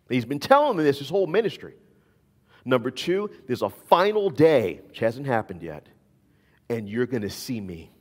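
Animated man preaching a sermon. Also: medium pitch, big-room sound. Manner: animated, emphatic, repeats key phrases. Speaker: pastor.

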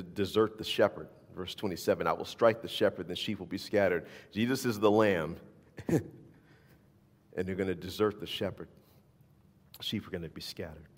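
A man preaching a sermon in a church hall, talking in a loose, conversational way and often checking in with the listeners. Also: deep voice. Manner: conversational, animated, asks the listeners "right?". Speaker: pastor. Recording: long hall reverb.

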